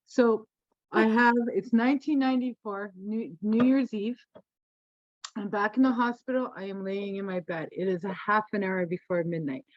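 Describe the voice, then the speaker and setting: A woman medium from Canada, telling stories in a casual interview, animated and profane, laughing often. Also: mid-range voice, moderate pace, no room sound. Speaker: guest, spiritual medium. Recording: dull lo-fi sound.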